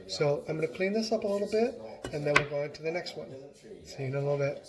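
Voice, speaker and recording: Chatty man with a high voice. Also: quick pace, crowd noise. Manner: chatty, encouraging, talks while chopping. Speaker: home cooking vlogger. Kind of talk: casual cooking demonstration.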